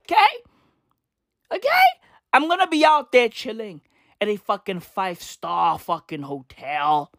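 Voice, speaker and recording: In a studio-quality recording with no room sound, a woman from Africa delivers a comedic rant to camera in a mid-range, slightly slow voice. She's profane and slangy, driving her points home by repeating lines for effect.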